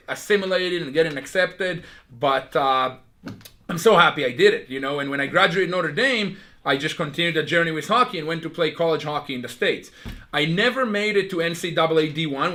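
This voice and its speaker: A man, telling his life story in a casual interview with an animated, chatty manner. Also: fairly high pitch, a little fast. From Israel. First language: Hebrew. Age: 30s. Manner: animated, chatty, with frequent fillers.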